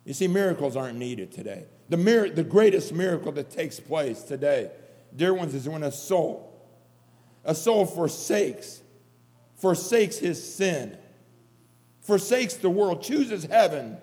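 A man's voice: on the high side, big pitch swings, measured pace, mellow. A man preaching an earnest sermon, repeating phrases for emphasis. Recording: long hall reverb.

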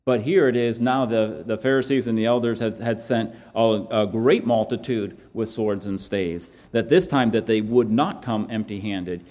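A man's voice: fairly low pitch, a little mellow. A man preaching a sermon in a church, earnest and often restarting his phrases. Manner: earnest, halting with repeated restarts. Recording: long hall reverb.

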